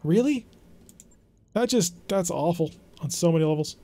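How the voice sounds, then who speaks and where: A man's voice: a little high, lively intonation, normal speed, mellow. A man hosting a game let's play, commenting in a wry, chatty, self-deprecating way as he plays. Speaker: gaming channel host.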